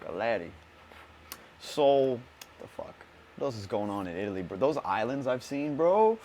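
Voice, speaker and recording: A man's voice: mid-range voice, moderate pace, slight background noise. An American man hosting a podcast, chatting casually, telling stories loosely and cursing often. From United States. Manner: swears a lot, loose and animated storytelling. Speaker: podcast host. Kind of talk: casual chat.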